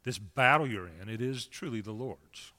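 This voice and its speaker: A male pastor delivers a sermon in a relaxed, conversational way, mixing scripture with casual asides. His voice is bright and forward. The sound carries a long reverb, as if in a large church sanctuary. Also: fairly low pitch, normal speed. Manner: conversational, animated preaching with asides.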